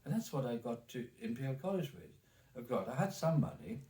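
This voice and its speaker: A man's voice: medium pitch, very animated, a little fast, dark tone, far from the mic. A man in his eighties with a German accent, recalling his life in a recorded oral history interview, rambling with many restarts and repeated words. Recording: echoey room, off mic.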